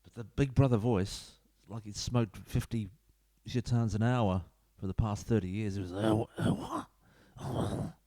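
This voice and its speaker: A man plays a football management game at home and chats to his YouTube viewers in a casual, wandering let's-play, with offhand asides. He speaks at a moderate pace with few pauses, in a fairly low, steady, dark voice, using a desk mic connected to his computer.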